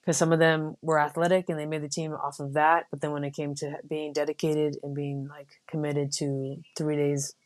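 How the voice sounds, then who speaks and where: A young adult woman from the United States, a Marine officer guest, telling stories in a relaxed, casual way with many fillers. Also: deep voice, moderate pace, few pauses. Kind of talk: casual interview.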